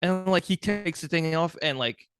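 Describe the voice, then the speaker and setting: A man's voice: on the high side, normal speed. A man co-hosting a movie podcast, chatting casually, jokey and rambling, swearing now and then. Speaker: podcast co-host. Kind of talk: casual chat about movies.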